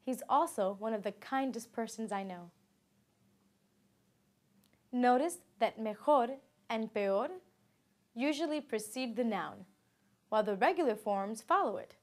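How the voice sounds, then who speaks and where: A woman narrates a language lesson in a slow, deliberate way, her voice sitting a little higher than most. She reads example sentences and their translations with careful, even pacing, like a recorded textbook course.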